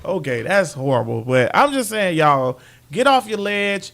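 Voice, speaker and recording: A man's voice: high voice, big pitch swings, unhurried, gravelly, a bit bright. A man co-hosting a sports podcast in casual, joking banter, breaking into songs and impressions. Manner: joking, sings and does impressions. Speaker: podcast co-host.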